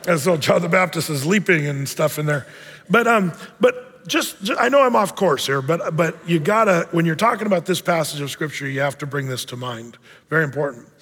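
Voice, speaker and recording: A man's voice: sits high, fairly bright tone, husky. A male pastor giving a casual, jokey sermon, slipping into playful voices for Bible figures. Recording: long hall reverb.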